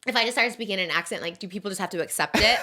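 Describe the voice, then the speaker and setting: A woman's voice: medium pitch, wildly swooping pitch, quick pace, background noise. A woman in her thirties hosting a podcast, chatting casually in a rambling, giggly way with lots of fillers. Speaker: podcast host. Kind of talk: casual chat.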